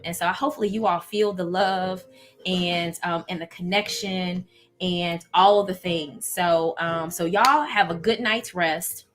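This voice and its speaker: A woman hosting a live stream in casual chat, reading out viewer comments and talking to them warmly. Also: fairly low pitch. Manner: warm, chatty, reads out viewer comments.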